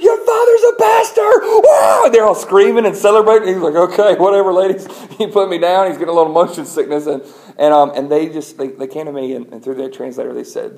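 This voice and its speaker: Mellow-voiced pastor preaching. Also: male voice, mid-range voice, vocal fry. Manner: conversational storytelling, animated when retelling. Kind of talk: sermon.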